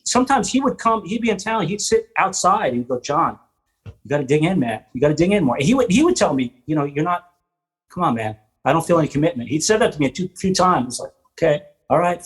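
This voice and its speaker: A man hosting a podcast, telling rambling stories from his work as a theater drummer and quoting other people with animated voices. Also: on the high side, rough recording. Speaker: podcast host and Broadway drummer. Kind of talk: casual interview chat.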